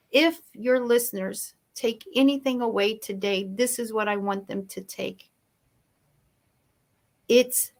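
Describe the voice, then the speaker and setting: A woman's voice: medium pitch, a bit bright. A woman speaking as a guest in a motivational interview, emphatic and storytelling. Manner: emphatic, storytelling, shifts pace for effect.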